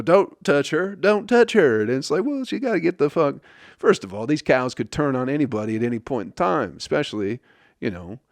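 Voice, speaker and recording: A man hosts his podcast in a casual comedic monologue, swearing freely and rambling from one bit to the next. His voice sits at an ordinary middle pitch. The sound is close and dry, with no room around it. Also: dry recording. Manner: profane, rambling, laughs at his own jokes. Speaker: podcast host.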